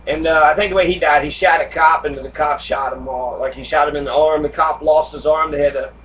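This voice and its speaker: Man giving a profane history lecture, slightly high voice, far from the mic, dull lo-fi sound with faint hiss. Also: fairly even intonation, brisk. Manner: reads passages then riffs with heavy profanity; acts out immigrants' complaints in angry voice. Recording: dull distant lo-fi recording with faint noise.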